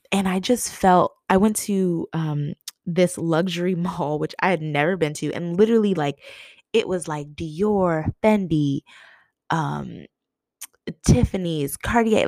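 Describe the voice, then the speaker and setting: Low-voiced woman telling a story casually. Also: measured pace, vocal fry, no room sound. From Massachusetts, USA. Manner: animated, laughing, quoting herself in a higher voice.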